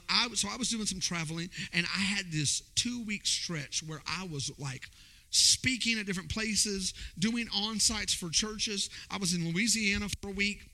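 A man preaching in a church, telling a personal story in a high voice. His tone is sharp and bright, and he jumps into the voices of the people in his story. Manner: animated, acts out voices in his stories. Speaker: pastor. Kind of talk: storytelling sermon.

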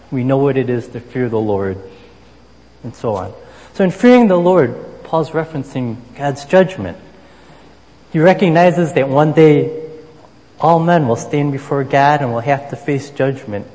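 A man preaching a sermon in a relaxed, conversational manner, filling pauses with "you know" as he moves between scripture and everyday stories. His mid-range voice carries a long reverb tail, as if he is speaking in a large hall. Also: mid-range voice. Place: Boston area.

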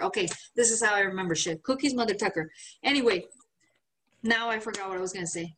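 Talking fast at a medium pitch, with slight background noise, a woman co-hosts a podcast. She tells a story in profane, easygoing chat, animated as she re-enacts what people said.

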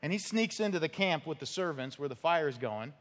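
A man with a fairly high voice preaches a sermon in a church. He tells the story in a loose, conversational way. His words ring out with a long hall reverb. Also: expressive, a little fast. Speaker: pastor. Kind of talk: expository sermon. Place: church sanctuary.

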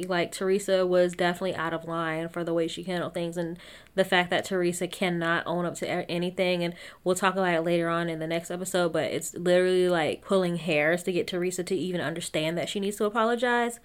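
A woman's voice: fairly low pitch, clean tone. A young woman giving a casual, opinionated recap of a reality TV show, laughing often and talking to her listeners as y'all.

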